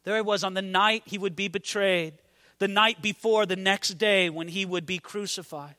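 A man's voice: high voice, steady tone, moderate pace, bright, forceful tone, big-room sound. A man preaching a sermon with passion, his voice swelling and dropping for emphasis.

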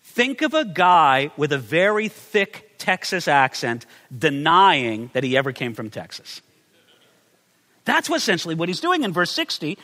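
A man's voice: on the high side, sing-song, a little slow, pushed and bright, long reverb tail. A man preaching a sermon as pastor, acting out the quoted lines.

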